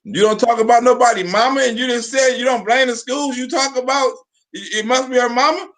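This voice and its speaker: A man hosts a live stream with casual, teasing commentary, cursing freely and stammering through restarts. His voice sits high for a man. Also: brisk, a bit bright.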